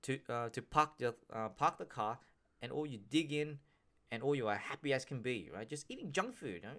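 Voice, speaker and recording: A man's voice: mid-range voice, expressive, fairly quick, pushed and bright. A man hosting a solo podcast, talking casually and rambling with frequent restarts, slang and swearing. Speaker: podcast host.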